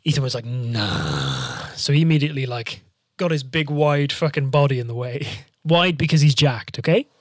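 A man's voice: fairly high pitch, a little fast, no room sound, studio quality. A man telling long, jokey travel stories in casual chat, swearing freely and rambling.

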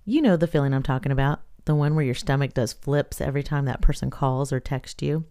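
A woman co-hosting a podcast in casual chat, telling stories in an animated way and laughing often. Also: a bass voice, a little fast. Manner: laughs a lot, animated storytelling. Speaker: podcast co-host.

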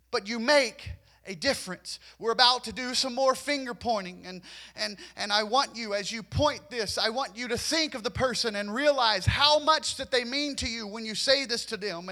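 High-voiced preacher guy in church, bright sharp tone, keeps repeating and restarting lines, pushy. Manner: repetitive, urging, stammers on restarts. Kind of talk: sermon.

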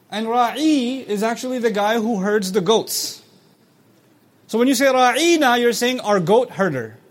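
Man, high voice, scripture lecture, animated teacher, quick Arabic recitation. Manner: lively, asks the audience questions, acts out quoted speech; recites Arabic quickly between English explanations. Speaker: Quran teacher.

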